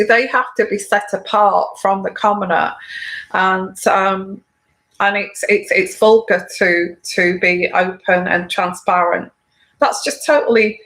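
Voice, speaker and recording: A woman tarot reader talking in a casual monologue, halting and repetitive, with many fillers and restarts. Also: on the high side, a bit bright, low-quality recording.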